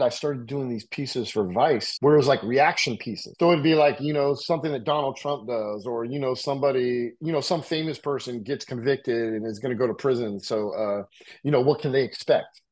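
A man's voice: medium pitch, moderate pace, darkish tone. A middle-aged man from the United States, talking about his past in a loose, slangy way, full of "like" and "you know". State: coughing from a bong. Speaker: interview guest, writer. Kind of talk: casual storytelling.

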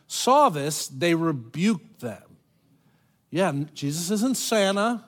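A male pastor with a high voice preaches a sermon in an animated, conversational style, using dramatic pauses and quoted voices.

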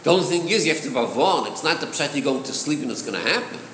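In an echoey room with long reverb and faint background noise, a man teaches a chassidic text, blending English with Hebrew terms and rhetorical questions. He talks fast in a fairly bright voice on the high side, with big swings in pitch.

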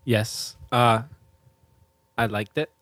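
A man's voice: mid-range voice, drawn-out words, fairly bright tone, no room sound. A young man co-hosting a radio music show, talking casually and a bit hesitantly. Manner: hesitant, self-deprecating.

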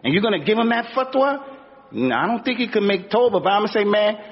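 A man's voice: sits high, very animated, fast. Colloquial preacher man in echoing hall. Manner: casual colloquial storytelling, voice climbs when acting out quotes. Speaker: Islamic preacher. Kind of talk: sermon. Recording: dull lo-fi audio with long hall reverb.

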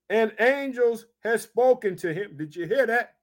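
A man's voice: very high-pitched, a little slow. A man preaching a sermon, reading scripture aloud and breaking in with fervent exclamations. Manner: fervent, repeats verses, exclaims "hallelujah" and "check it out".

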